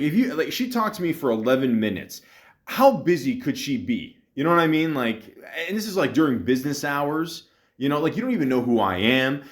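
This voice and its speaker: A man hosting a podcast, ranting bluntly in casual commentary, swearing and stopping often to fill pauses. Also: medium pitch. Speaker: podcast host.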